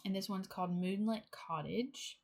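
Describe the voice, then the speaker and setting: A young woman casually chatting through a cross-stitch haul, excitable and gushing, with giggles. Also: mid-range voice, moderate pace, creaky. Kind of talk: casual show-and-tell haul chat.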